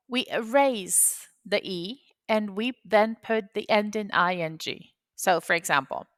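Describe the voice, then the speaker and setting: An English teacher, a woman whose native language is Spanish, delivers a grammar lesson, patiently laying out a rule stage by stage and repeating key points. Her voice is medium-pitched and a bit bright, with no room sound.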